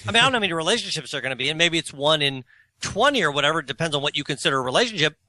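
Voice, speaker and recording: A man in his forties tells a long, self-mocking story in a casual podcast chat. His voice sits high and very bright, and his pitch swings widely. The sound is dry and close. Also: animated, rapid-fire, dry recording. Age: 40s. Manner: rambling storyteller, self-mocking, laughs at himself; opinionated and argumentative. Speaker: co-host.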